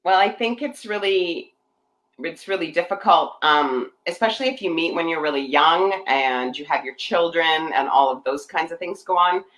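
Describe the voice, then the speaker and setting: A woman's voice: sits low, lively intonation, normal speed, fairly bright tone, rough recording. A woman co-hosting a casual chat, speaking reflectively with dry self-deprecating humor. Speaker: co-host.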